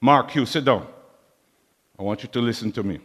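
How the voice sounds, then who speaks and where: A man's voice: mid-range voice, moderate pace, a bit bright, natural voice. A man voicing his older uncle with a heavy Jamaican accent, giving commanding, insistent advice. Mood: stern. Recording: long hall reverb.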